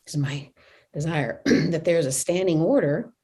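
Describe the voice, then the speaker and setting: Low-voiced woman telling her own story. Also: mellow. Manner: measured and plain-spoken, clears her throat often. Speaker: vlogger sharing her illness journey. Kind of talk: personal narration and candid conversation.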